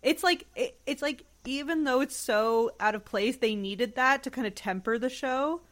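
A woman's voice: high-pitched, normal speed, a bit bright. A woman guest on a podcast, chatting casually and adding reflective commentary. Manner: reflective, adds commentary and analysis.

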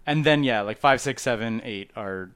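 Man, casual chat, animated, laughs a lot, acts out movie lines, middle pitch. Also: normal speed, clean tone, no echo.

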